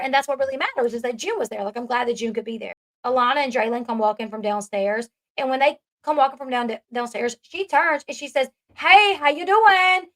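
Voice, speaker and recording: A woman giving a casual, chatty recap commentary, full of fillers and asides. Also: high-pitched. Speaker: commentary vlogger.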